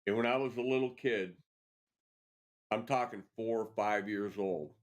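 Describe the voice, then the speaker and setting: Animated storytelling man. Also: on the low side, a little slow. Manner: animated storyteller, swears freely. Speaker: show host. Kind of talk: casual chat.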